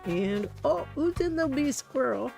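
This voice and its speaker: A woman's voice: sits high, expressive, measured pace, vocal fry. Chatty woman streamer over game music. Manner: chatty, rambling storyteller. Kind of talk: casual gameplay commentary. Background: soft game music.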